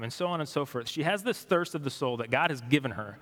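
Pastor preaching in a reverberant hall. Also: male voice, medium pitch, quick pace, hardly any pauses. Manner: conversational, asks the congregation questions, shifts between animated and hushed. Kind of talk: sermon.

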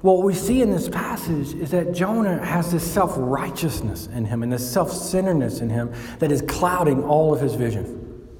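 A man delivers a sermon, his voice climbing in pitch and volume whenever he drives a point home. The sound rings through a large, roomy space with a long reverb tail. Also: normal speed. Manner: animated, rising in pitch and volume when building a point. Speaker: pastor. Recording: echoey church hall with long reverb.

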